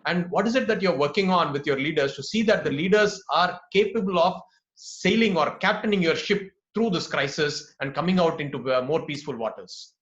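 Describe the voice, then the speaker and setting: A man's voice: a little high, a little fast, fairly bright tone. A man moderates a webinar panel over a video call, talking conversationally and tagging his points with "right?". The call audio is roomy and somewhat dull. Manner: conversational, many fillers and "right?" tags. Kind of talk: panel discussion, storytelling.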